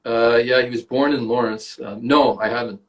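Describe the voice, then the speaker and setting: A man's voice: medium pitch, steady tone, normal speed, slight background noise. A man with a Canadian accent, an actor and guest on an interview podcast, tells casual stories and swears freely. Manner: swears freely, storytelling with acted quotes.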